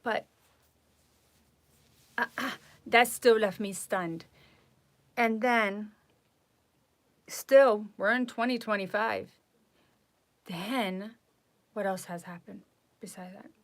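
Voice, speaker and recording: A woman vlogger telling a personal story in a casual, exasperated way, with animated retelling. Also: mid-range voice, takes it slowly, pauses often.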